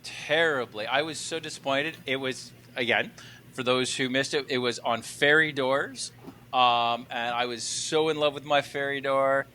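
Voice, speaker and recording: A man's voice: mid-range voice, fairly even intonation, measured pace, sharp tone, slight background noise. A man co-hosting a podcast as a tinsmith, chatting in a giggly, self-deprecating way. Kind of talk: casual chat.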